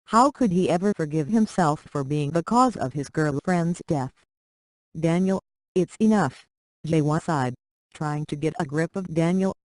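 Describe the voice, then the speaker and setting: A reader narrating a short romance story aloud in a plain, steady way. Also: medium pitch, moderate pace, no room sound, poor audio.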